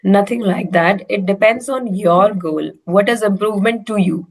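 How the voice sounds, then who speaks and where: A woman's voice: mid-range voice, moderate pace. A woman with an Indian accent coaching a learner in casual English conversation. She is encouraging and often checks in with "right?".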